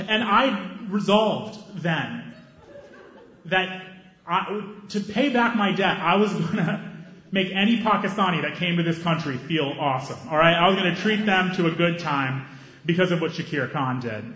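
A man performing a stand-up set on stage with a handheld mic, animated and acting out scenes, breaking into high excited yelps. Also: moderate pace. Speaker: stand-up comedian. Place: comedy stage before a live audience. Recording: roomy, slightly dull live recording.

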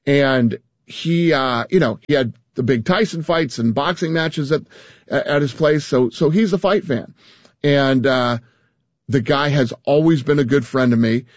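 A man's voice: medium pitch, unhurried, no echo, highs cut off. A man talking as an interview guest, emphatic, often restarting and repeating words. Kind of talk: casual interview talk.

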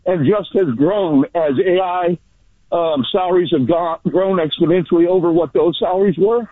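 A man phones in from outside where he is working, still out of breath. His voice sits high, and he talks in a blunt, bitter way full of ums. The call sounds dry and tinny, like a thin phone line. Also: moderate pace, no echo. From San Francisco Bay Area. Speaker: caller. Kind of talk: call-in radio comment. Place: outdoors at work.

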